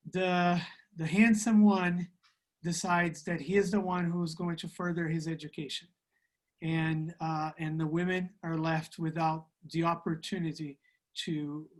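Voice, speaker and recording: Slow, careful male interpreter reading scripture and translating a church class over a video call. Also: fairly high pitch. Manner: careful, hesitant, with many fillers.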